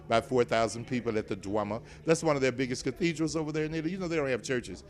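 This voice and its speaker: Rapid-fire and mid-range in pitch, an older Southern-accented Nashville man banters and teases as a guest in a casual interview chat. The setting is an indoor event venue, with a TV show host involved.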